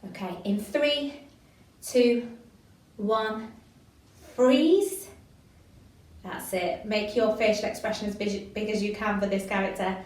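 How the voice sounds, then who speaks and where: A woman's voice: medium pitch, a little slow, a little mellow. A woman leading a drama workshop, counting down freeze frames and praising the group as she goes. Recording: echoey room from far off.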